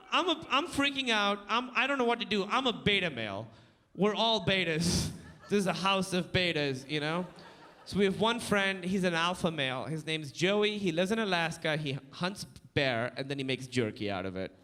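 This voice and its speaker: A man from Pakistan telling a stand-up comedy story on stage, animated, breaking into panicked shouted voices. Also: high voice, moderate pace, big-room sound. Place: comedy stage before a live audience.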